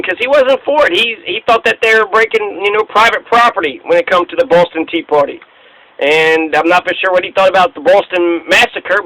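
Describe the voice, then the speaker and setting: A man's voice: high-pitched, sharp tone, rough recording. A man hosting a casual history talk, speaking in a profane, emphatic rant. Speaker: host.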